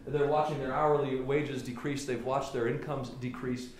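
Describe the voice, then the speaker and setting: The senator, from Colorado, has a medium-pitched, steady voice at normal speed. He tells stories during a political speech to a small group, often starting over and repeating words, in a room with strong echo and faint ambient noise.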